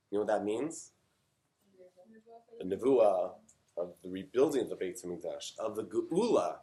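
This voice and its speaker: A man, a rabbi giving an animated sermon that swings from loud fervor to quiet reflection. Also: medium pitch. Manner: storytelling, rising to loud fervor then dropping quiet. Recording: echoey room.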